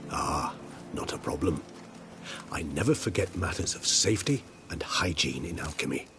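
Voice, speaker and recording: A man's voice: very deep voice, expressive, moderate pace, gravelly, exaggerated voice. An actor playing a refined, ironic male vampire in a video game, with eloquent, theatrical phrasing. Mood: teasing. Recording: game audio with music underneath. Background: music.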